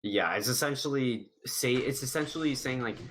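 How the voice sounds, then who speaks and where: A man's voice: mid-range voice, moderate pace, a bit bright, a little hiss or hum. A man playing a tabletop game, explaining his plans while thinking aloud with stumbling restarts. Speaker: player.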